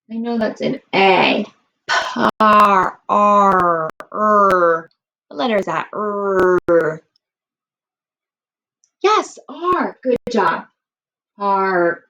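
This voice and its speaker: Slow, patient kindergarten teacher woman. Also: medium pitch, gravelly, pushed and bright, dull audio, slight background noise. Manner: slow and deliberate, stretching out sounds for young children. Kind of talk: remote teaching lesson.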